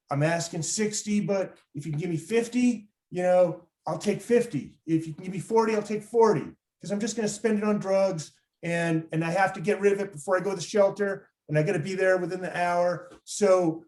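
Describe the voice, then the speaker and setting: A man's voice: sits high, moderate pace, darkish tone, voice pushed up, natural voice. A man putting on a skeevy New York hustler. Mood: wheedling. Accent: put-on New York. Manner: rambling, overly honest pleading. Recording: roomy echo.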